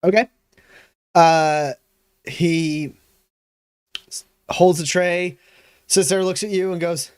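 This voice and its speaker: A man's voice: high-pitched, steady tone, takes it slowly, pauses often, clean tone, no echo, clean studio sound. A man running a tabletop game as game master, narrating with fillers and frequent laughs. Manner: laughing, rambling, lots of fillers.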